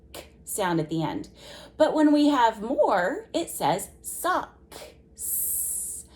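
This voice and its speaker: A woman teaching a children's phonics lesson, sounding out words slowly and asking gentle questions of a young listener. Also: mid-range voice. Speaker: preschool teacher.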